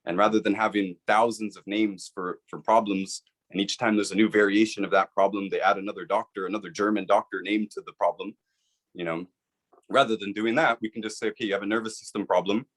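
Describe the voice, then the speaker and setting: A man's voice: fairly low pitch, steady tone, fairly quick, a bit bright. A man, the guest and author, explaining his views in an interview with an earnest, persuasive manner, often checking in with "right?".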